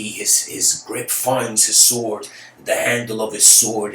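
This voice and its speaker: A man's voice: on the low side, pushed and bright. A man giving a philosophical lecture, telling a story in a casual, rambling way with many fillers like "you know.". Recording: roomy, distant mic, faint noise.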